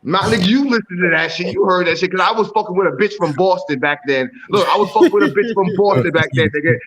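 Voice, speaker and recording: High-voiced man on lo-fi call audio. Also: fast talker. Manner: profane, loud and repetitive, ends lines with slang tags. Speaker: guest on a hip hop talk stream. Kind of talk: casual hip hop chat.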